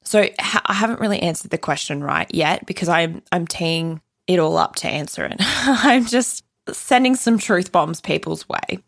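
A woman talks straight into the mic on her solo podcast, her voice low with a gravelly edge. She's blunt, opinionated and swears casually. The sound is close and dry, with no room around it. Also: expressive, normal speed, dry recording. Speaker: podcast host.

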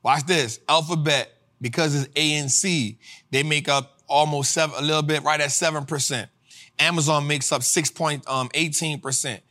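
A male host teaching personal finance to a live audience in a casual, slang-filled way, swinging into sermon-like, sung-out shouts. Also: fairly high pitch, steady tone, moderate pace. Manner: preacher-like cadence, rising to shouts. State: tired after a flight. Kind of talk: motivational livestream teaching.

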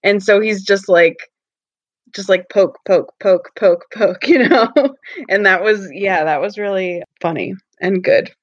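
A woman's voice: medium pitch, unhurried, no echo. A woman chats eagerly on a podcast, laughing often and filling her sentences with "like". Her voice sounds dry and close. The recording is a little muffled and lo-fi. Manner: enthusiastic, laughs a lot, uses many "like"s. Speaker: podcast co-host. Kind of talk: casual chat.

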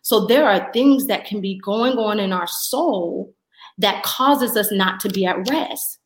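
A woman shares a personal faith testimony as an interview guest. Her telling is animated and she acts out the voices of the people in the story. The room adds a noticeable echo. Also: medium pitch, unhurried. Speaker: podcast guest.

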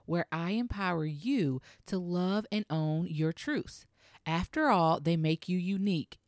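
Upbeat low-voiced woman podcaster. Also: dry recording, clean studio sound. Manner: upbeat, chatty, with fillers and laughs. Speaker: podcast host. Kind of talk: solo podcast monologue.

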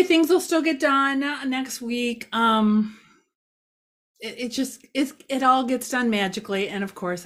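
A woman's voice: fairly high pitch, fairly bright tone. A woman giving a casual local news update outdoors near a parking lot, chatty and rambling, with many fillers and self-mocking asides.

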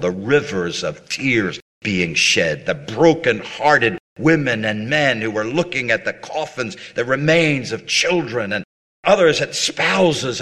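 A man's voice: lowish voice, a bit bright. A man preaching a sermon in an earnest, appealing way, with dramatic rises and drops in his voice.

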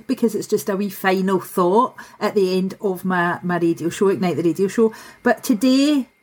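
A woman's voice: mid-range voice, low-quality recording. A woman hosting a radio show, interviewing her guest with encouraging remarks. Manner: encouraging, with short agreeing murmurs.

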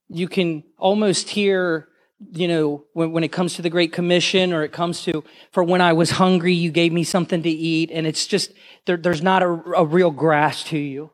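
A man preaching a sermon to a congregation, telling a story with passion and rising at times to shouts. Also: a little high. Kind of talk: sermon testimony.

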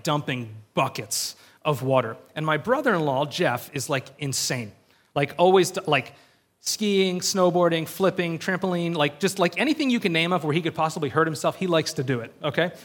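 A man preaching a sermon in a casual storytelling way, full of "like" and quick asides, acting out bits of dialogue. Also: fairly high pitch. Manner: animated storytelling with frequent fillers, acts out voices. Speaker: pastor.

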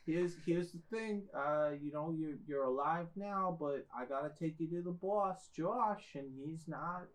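A man's voice: a little high, natural voice, rough recording. A man voicing a shady, evasive skeleton driver in a tabletop game. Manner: rambling, halting with fillers.

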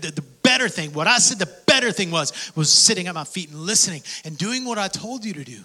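A man delivers a sermon in a high and strikingly bright, cutting voice. He drops to near-whispers, then climbs to fervent shouts. He acts out prayers as little dialogues. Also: expressive, fast talker, few pauses. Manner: swings from hushed whispers to shouted passion. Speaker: preacher.

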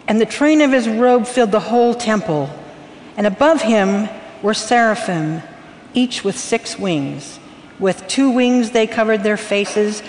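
A reader reading a scripture passage aloud in a church, slowly and with measured phrasing. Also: medium pitch. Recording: echoey hall with faint room noise.

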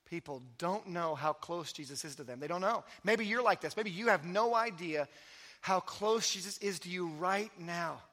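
A man preaching a sermon as pastor, telling stories with energy and then dropping to soft, intimate emphasis. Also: sits high, expressive, moderate pace. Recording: long hall reverb.

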